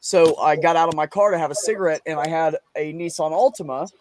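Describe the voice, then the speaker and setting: A man's voice: on the high side, quick pace, darkish tone, a little hiss or hum. A man in a casual podcast chat, telling a long story in a rambling, profane way. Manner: profane, rambling storyteller acting out his own lines. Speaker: podcast host.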